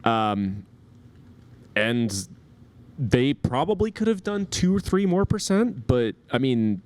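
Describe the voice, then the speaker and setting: A man's voice: medium pitch, very animated, slow, darkish tone. A man co-hosting a casual gaming talk show, speaking in long, analytical runs full of restarts and fillers. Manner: rambling, many restarts and fillers. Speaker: podcast co-host.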